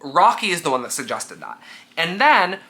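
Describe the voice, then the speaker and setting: Bright-voiced, sweary young man vlogging. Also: a little high, normal speed. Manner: animated and sweary, filler-heavy; emotionally gushing, near tears. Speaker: book vlogger. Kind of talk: casual reading vlog chat.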